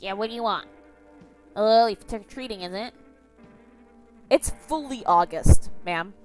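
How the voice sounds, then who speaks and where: A woman's voice: mid-range voice, fairly even intonation, a little fast, a little mellow, soft background music, close to an everyday voice. A woman voicing a grumpy female neighbor who grumbles irritably. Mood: irritable.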